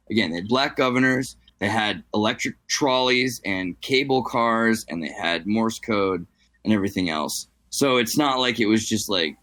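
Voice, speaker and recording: A man's voice: on the low side, fairly bright tone, no room sound. A man in casual podcast chat, talking in long digressive runs and tossing in French phrases.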